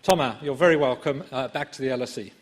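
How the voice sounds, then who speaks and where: A man's voice: mid-range voice, fast, a little hiss or hum. A middle-aged man introducing a guest speaker as chair, with frequent fillers. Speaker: event chair. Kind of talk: formal introduction. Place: large lecture theatre.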